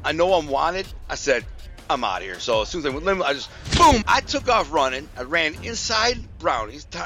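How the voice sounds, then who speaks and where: A man's voice: fairly high pitch, sharp tone. A man casually telling a personal story in a rambling, slangy way, full of fillers and restarts.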